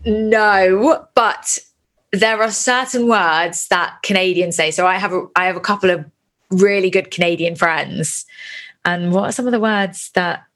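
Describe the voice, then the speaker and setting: A woman's voice: mid-range voice, fairly even intonation, a little slow, a bit bright. A well-spoken woman from the UK with a posh southern English accent, a guest chatting casually in an interview over a video call and laughing easily. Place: Bali, Indonesia.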